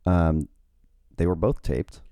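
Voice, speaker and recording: Deep, mellow man in easygoing chat. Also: slow pace, clean tone, dry recording, studio quality. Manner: easygoing, plays devil's advocate, many fillers. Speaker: podcast co-host. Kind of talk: casual chat.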